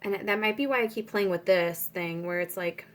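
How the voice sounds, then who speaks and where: A young tarot reader with a mid-range voice talks at normal speed through a casual spiritual reading. She rambles with plenty of fillers and breaks off to pray aloud.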